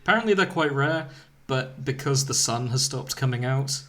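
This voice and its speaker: A man hosts a comedy podcast at a mid-range pitch, chuckling through a silly retelling. He trips over words, restarts sentences and keeps breaking into laughter. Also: animated, normal speed, a bit bright. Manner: amused, laughing often, stumbling over words. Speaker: podcast host. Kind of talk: casual comic retelling of fan fiction.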